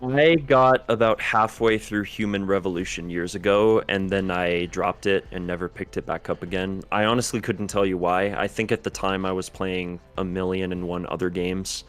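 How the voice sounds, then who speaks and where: A man co-hosting a podcast in casual chat, talking in a thoughtful, detailed way and pausing to search for names. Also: low voice, fairly even intonation, clean tone. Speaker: podcast co-host.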